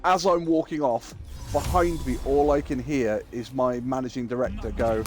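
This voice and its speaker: A middle-aged man streaming a game, casually telling an animated story and acting out the people in it. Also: medium pitch, normal speed, over music. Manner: animated, acts out quoted people, swears freely. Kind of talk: casual storytelling while gaming.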